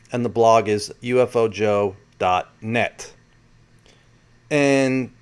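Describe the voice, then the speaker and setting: A man hosting his own video, talking casually and rambling, often correcting himself mid-sentence. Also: fairly low pitch. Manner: chatty and rambling, with self-corrections. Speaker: video host. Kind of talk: casual solo commentary.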